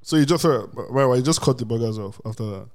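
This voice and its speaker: Young male co-host, mid-pitched voice, teasing and jokey. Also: darkish tone. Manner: teasing, quick jokes and wordplay. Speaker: podcast co-host. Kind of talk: casual chat.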